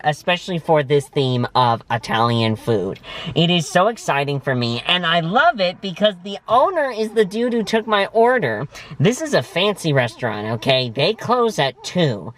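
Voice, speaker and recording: A man's voice: on the high side, fairly bright tone. A man hosting a casual food review vlog from inside a parked car, talking in an emphatic, gushing way with dramatic word choices. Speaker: vlog host. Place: parked vehicle.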